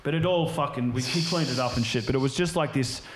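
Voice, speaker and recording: A man's voice: mid-range voice, fast, background noise. A man, a podcast guest, telling stories casually in a rambling way, swearing constantly and filling his speech with "like" and "right?". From Australia. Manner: rambling, heavily profane storytelling full of fillers. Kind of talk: casual chat, storytelling. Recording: roomy echo.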